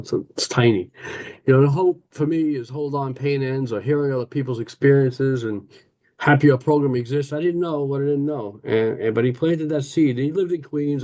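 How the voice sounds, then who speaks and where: A man's voice: mid-range voice, mellow. A middle-aged man with a New York accent, telling his recovery story at a meeting in a joking, wise-guy way and acting out the dialogue.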